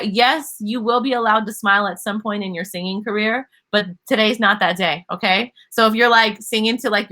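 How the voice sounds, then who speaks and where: Bright-voiced upbeat woman singing teacher. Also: medium pitch. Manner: upbeat, laughs often, sings demonstration notes. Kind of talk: live online singing class.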